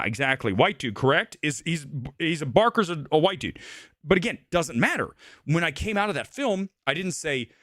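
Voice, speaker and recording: A man's voice: on the high side, fairly bright tone, no echo, studio quality. A middle-aged man from Ohio hosting a movie talk livestream, ranting casually and profanely. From Ohio, USA.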